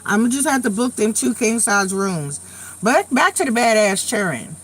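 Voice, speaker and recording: A woman in her late forties hosting a live tarot stream, telling stories in a blunt, profane, animated way while getting over a cold. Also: fairly high pitch, normal speed, husky. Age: late 40s. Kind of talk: casual live chat.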